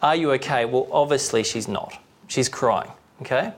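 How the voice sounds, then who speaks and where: Aussie guy giving a sermon, chatty, keeps asking the room questions, mid-pitched voice. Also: moderate pace. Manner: conversational, asks the listeners rhetorical questions. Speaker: preacher.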